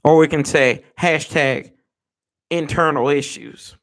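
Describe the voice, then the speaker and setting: A fired-up man rants to his live-stream viewers. His high voice has a gravelly edge, and he swears freely and calls everyone y'all. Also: steady tone, slow, fairly bright tone. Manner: fired-up, ranting, profane. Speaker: sports fan show host.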